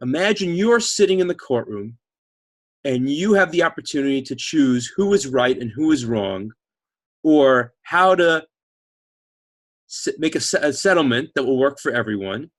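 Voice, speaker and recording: A man teaching an online class, telling a story in an animated, chatty way and reading out viewer comments. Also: mid-range voice, normal speed, dry recording.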